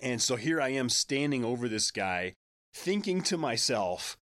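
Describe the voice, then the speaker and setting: A man's voice: medium pitch, very animated, unhurried, fairly bright tone, no room sound. A man in his forties on a podcast, telling a personal story candidly and conversationally, with a laugh now and then.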